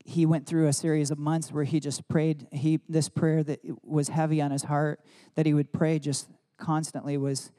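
A man's voice: on the high side, little pitch movement, moderate pace, few pauses, warm tone. A man telling personal stories in a sermon, casual and rambling with many "like" fillers. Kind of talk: sermon storytelling.

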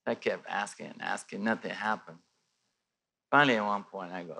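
A man from Bulgaria telling a personal faith testimony in animated storytelling, with many restarts and a voice that rises and falls. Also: sits low, normal speed, gravelly. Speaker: testimony speaker.

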